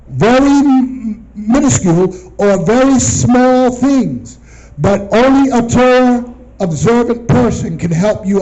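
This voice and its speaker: Guy teaching bible verses to a group, slow and high, keeps asking them "what?", muffled lo-fi sound. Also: dark tone. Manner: asks the audience questions, repeats phrases. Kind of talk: call-and-response Bible teaching.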